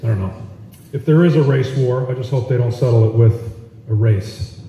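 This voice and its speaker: Brash comedian in an echoey hall. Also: male voice, mid-range voice, moderate pace, distant mic, very noisy. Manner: brash, profane, punchy delivery. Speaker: stand-up comedian. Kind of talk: stand-up comedy set. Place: large auditorium with audience. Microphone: phone recording from the audience area. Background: audience laughter.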